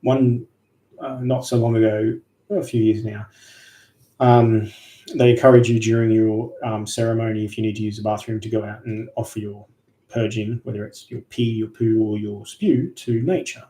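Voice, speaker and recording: A man chats loosely through a livestream story, filling his pauses with ums. His voice is dark and mellow. The room gives his voice a noticeable echo. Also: fairly low pitch, steady tone, distant mic. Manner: loose, chatty, many fillers. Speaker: livestream host. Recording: roomy echo.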